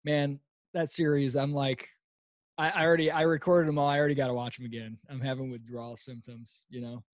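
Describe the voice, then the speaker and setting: A man's voice: mid-range voice, little pitch movement, brisk, dry recording. A man hosting a casual conversation, laughing easily and chiming in to agree with his guest. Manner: laughs easily, chimes in, affirming. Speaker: podcast host.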